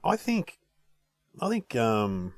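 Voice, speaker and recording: A middle-aged man co-hosts a casual food-tasting chat, animated and quick to laugh. His pitch rises and falls a lot, and his voice sounds dry and close to the mic. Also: no room sound. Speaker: podcast co-host.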